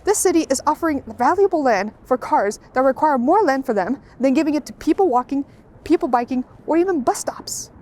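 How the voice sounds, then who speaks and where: A woman with a high voice delivers a scripted video essay voice-over. Her tone is sarcastic, and she rants her way through each point. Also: lively intonation, a little fast, a little mellow. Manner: sarcastic, ranting.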